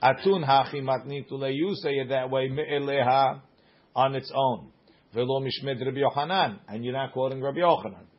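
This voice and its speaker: A man's voice: mid-range voice, normal speed, lo-fi sound. A man teaching a Talmud class, reading the Aramaic in a sing-song study chant and explaining it in English.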